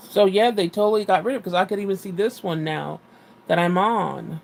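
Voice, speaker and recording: Gravelly woman venting on a live stream, kinda fed up, little background hiss. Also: on the low side. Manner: frustrated, venting, swearing. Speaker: livestream host. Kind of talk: casual livestream chat.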